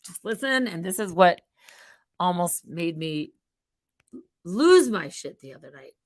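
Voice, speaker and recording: A woman hosting her own channel, rambling in a casual monologue that swings between loud outbursts and quiet muttered asides. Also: on the low side, expressive, unhurried, no echo, studio quality. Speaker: channel host.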